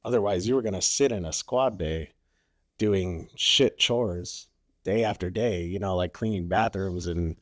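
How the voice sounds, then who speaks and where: A man's voice: sits low, measured pace, no room sound, clean studio sound. A man and former Marine telling war stories on a podcast in a loose, profane way, full of "like" and "you know". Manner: loose, profane, heavy use of "like". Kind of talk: casual storytelling.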